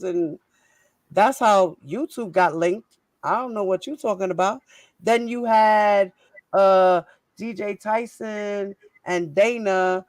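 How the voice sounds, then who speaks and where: A woman's voice: mid-range voice, no room sound. New woman in her 40s going off, swearing, lots of "what??", dry close sound. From New York. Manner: fiery, profane, firing rhetorical questions. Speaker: host. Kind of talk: heated casual live-stream rant.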